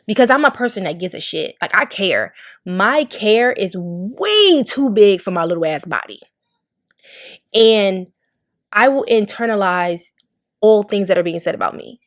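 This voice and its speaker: A young adult woman talks straight into a podcast, raw and unfiltered. Her delivery is blunt and emotional, full of swearing, and she sounds like she is confessing rather than performing. Her voice sits at an ordinary middle pitch for a woman. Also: lively intonation, a little slow. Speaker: podcast host. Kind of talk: candid monologue.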